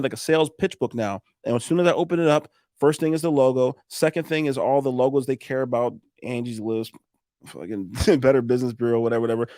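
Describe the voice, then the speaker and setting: Fast-talking Minnesota man telling sales stories. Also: mid-range voice, no echo, studio quality. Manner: animated, acts out sales conversations, swears, laughs often. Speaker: roofing business owner, podcast guest. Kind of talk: casual storytelling chat.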